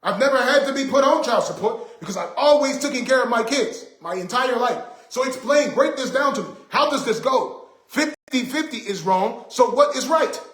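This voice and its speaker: High-voiced man ranting on a livestream. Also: expressive, normal speed, fairly bright tone, reverberant. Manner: emphatic, repetitive, indignant. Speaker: livestream host. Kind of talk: casual livestream chat.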